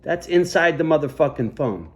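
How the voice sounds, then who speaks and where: A man's voice: fairly high pitch, moderate pace. Foul-mouthed man ranting into his phone. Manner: heavily profane, animated rant. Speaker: vlogger. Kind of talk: rambling casual storytelling. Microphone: phone camera.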